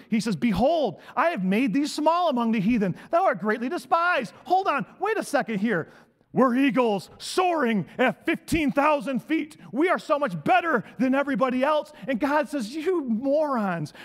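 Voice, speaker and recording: High-voiced, animated preaching pastor. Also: male voice. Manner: animated preaching with mock-shouted quotes. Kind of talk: sermon.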